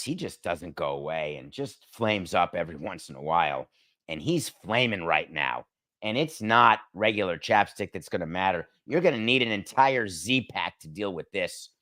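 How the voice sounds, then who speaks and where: A man's voice: sits low, fairly bright tone. Brash, opinionated male talk show host. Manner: brash, opinionated, emphatic rhetorical questions. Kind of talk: solo sports talk show monologue.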